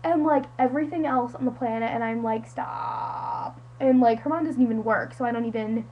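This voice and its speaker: A woman's voice: on the high side, quick pace, dull audio, slight background noise. A teenage girl from the United States telling a friend a story in a casual, dramatic, self-mocking way, full of "like". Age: teens. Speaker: vlogger.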